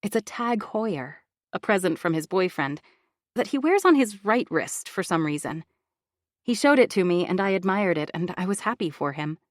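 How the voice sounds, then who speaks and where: A woman reading a first-person audiobook thriller in an expressive, confiding inner-monologue style. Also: on the low side, normal speed, dry recording, studio quality. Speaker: audiobook narrator.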